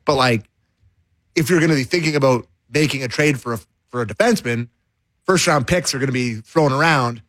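A man co-hosting a sports talk show, weighing things aloud in a casual, drawn-out way. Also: medium pitch, fairly bright tone, no echo. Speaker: sports radio co-host.

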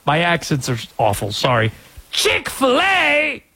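Lively, husky-voiced male sports radio host. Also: a little high, rough recording. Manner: energetic, opinionated, quick asides.

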